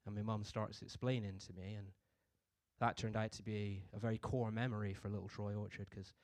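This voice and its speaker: A man's voice: lowish voice, flat delivery, brisk, a little mellow, no echo. A young man from doing a stand-up comedy set in a laid-back, conversational way. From Bristol, England. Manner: laid-back, conversational delivery with frequent "you know what I mean".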